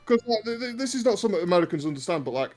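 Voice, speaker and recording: British guy chatting on a podcast, swears a lot, higher voice that bounces around, faint music behind. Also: sing-song, racing, darkish tone. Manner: sweary, blunt banter. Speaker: podcast co-host. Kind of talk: casual chat.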